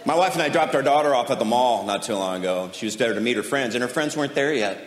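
A man's voice: medium pitch, animated, quick pace, few pauses. A man doing stand-up, telling a sarcastic story about his family. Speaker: comedian. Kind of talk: stand-up comedy. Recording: echoey hall, audience noise.

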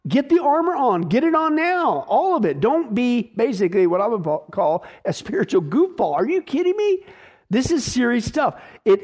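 A man's voice: sits high, a little mellow. A male pastor preaching an emphatic, folksy sermon, full of restarts and playful asides.

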